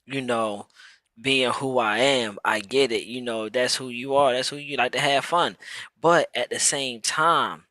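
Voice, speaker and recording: A man talking on a casual live stream, his voice bright and forceful. He speaks in slang and circles back over his words as he works toward a point. The sound is dry and close, with no room echo. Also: mid-range voice, moderate pace. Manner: repeats words while building a point, slangy. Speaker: podcast co-host.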